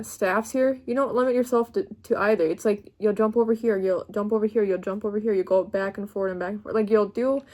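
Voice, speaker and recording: A young woman talks through a tarot reading in a slightly high voice. She gushes and gets excited as she goes, often breaking off mid-word before she finds the thought again. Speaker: tarot reader. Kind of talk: pick-a-card tarot reading.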